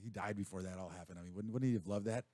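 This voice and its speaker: A man's voice: lowish voice, very fast, dark tone, dry recording. A man who is a drummer, guesting on a radio show and chatting casually with enthusiasm. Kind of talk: casual studio chat. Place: radio studio.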